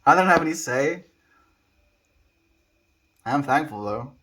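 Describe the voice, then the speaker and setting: A young man from South Africa with a South African accent, chatting casually on a live stream as he answers viewer comments in a rambling, relaxed way. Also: a little high, unhurried. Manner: laid-back, rambling, frequent likes and restarts.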